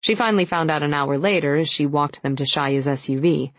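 A woman narrating a romance audiobook with steady, even storytelling. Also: sits low, brisk, no echo. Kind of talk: scripted narration.

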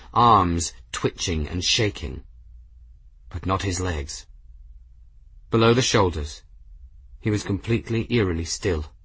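Low husky male audiobook narrator. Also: fairly bright tone, no echo, poor audio.

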